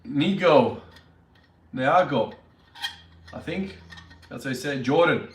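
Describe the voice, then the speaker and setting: A man's voice: on the high side, animated, moderate pace. A man chatting casually on a livestream, upbeat and greeting viewers by name. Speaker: fitness vlogger. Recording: echoey room, mic at a distance.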